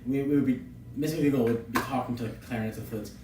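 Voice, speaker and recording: A man co-hosting a podcast, telling a story in a casual, animated way, laughing often and acting out the quotes. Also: medium pitch, fast, noisy background. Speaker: podcast co-host. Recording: echoey room, distant from mic.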